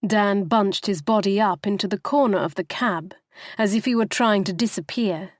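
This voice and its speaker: A woman narrating a novel in a steady, even storytelling manner, close to the microphone. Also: mid-range voice, moderate pace, no echo. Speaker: audiobook narrator.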